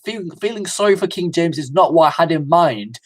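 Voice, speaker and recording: Male livestream reviewer, slightly higher voice, eager and rambling with lots of ums. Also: expressive, brisk. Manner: enthusiastic, rambling with many fillers and restarts.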